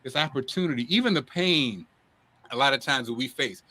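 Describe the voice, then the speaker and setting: A man hosting a talk show, telling stories in a lively, emphatic way and often repeating himself. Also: mid-range voice, fairly quick. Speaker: show host. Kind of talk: casual talk-show chat.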